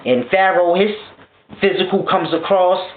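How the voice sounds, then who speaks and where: A man ranting in a casual spiritual vlog monologue, profane and animated, often laughing. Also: high voice, measured pace. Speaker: spiritual vlogger. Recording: tinny phone-like echoey sound.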